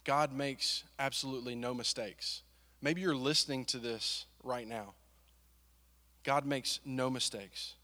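A man's voice: mid-range voice, fairly even intonation, a little slow, bright, forceful tone. A young man preaching a sermon as a pastor, conversational and full of rhetorical questions. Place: church hall. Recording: long reverb of a hall.

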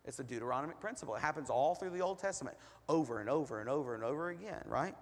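A man's voice: fairly high pitch, animated, quick pace, vocal fry. A man preaching a sermon as pastor, in a conversational way, asking the congregation lots of rhetorical questions. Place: church hall. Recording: long hall reverb.

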